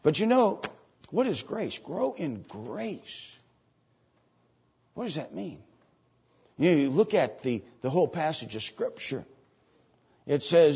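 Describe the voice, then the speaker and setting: Lively older male preacher, husky voice. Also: on the high side, slow, long pauses. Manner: swings from loud emphatic preaching to quiet asides; reads scripture aloud in old-fashioned wording. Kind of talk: sermon. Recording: dull lo-fi sermon recording.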